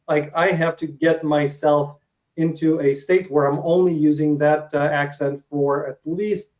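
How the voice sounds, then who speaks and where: A man's voice: fairly high pitch, little pitch movement, a little slow, a little mellow, rough recording. A man from Ukraine with a Russian accent, hosting an interview in a casual, hesitant way with many uh fillers. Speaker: interview host.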